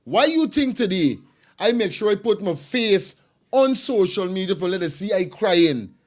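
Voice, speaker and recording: A man's voice: high voice, very animated, normal speed. A man giving impassioned online commentary, preachy and emphatic, hammering his point through repetition. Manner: preachy, emphatic, repeats phrases.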